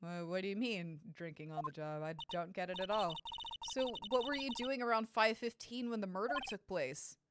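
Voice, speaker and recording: A woman's voice: medium pitch, normal speed, noisy background, voice pushed down, lightly acted. A woman reading an earnest young lawyer. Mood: puzzled. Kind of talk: reading game dialogue aloud. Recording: game music underneath. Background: game music.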